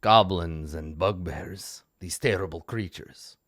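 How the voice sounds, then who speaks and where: A man's voice: low voice, takes it slowly, a bit bright, no room sound, studio quality. A man running a tabletop game as game master, narrating with many hesitant fillers.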